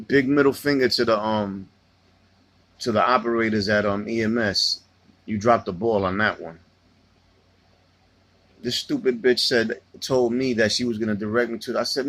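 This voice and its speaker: A man hosting a laid-back livestream, talking in a loose, rambling way and swearing freely as he answers his chat. His pitch sits in an ordinary middle range. The sound is dry and close, with no room echo. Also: fairly bright tone. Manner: loose, profane, rambling storytelling. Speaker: livestream host reading chat.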